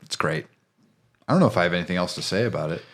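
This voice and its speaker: A man's voice: deep voice, lively intonation, very fast. A man co-hosting a podcast in casual, joking chat. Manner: joking, playful, trails off and restarts. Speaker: podcast co-host.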